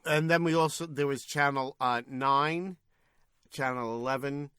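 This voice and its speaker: Middle-aged man, New York accent, podcast co-host; very bright tone, chatty, finishes his partner's sentences. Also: mid-range voice, unhurried, clear, resonant tone. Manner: chatty, echoes and finishes the other host's lines. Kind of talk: casual chat recapping a sitcom episode.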